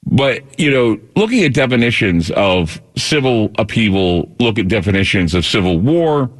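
A man's voice: fairly low pitch, very animated, normal speed. A tired male talk radio host in a rambling monologue, often repeating words and restarting.

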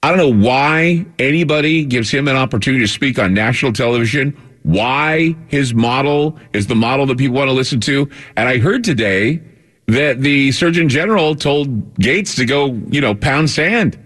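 A man's voice: mid-range voice, moderate pace, fairly bright tone. A man hosting a talk radio show, delivering a combative, sarcastic monologue.

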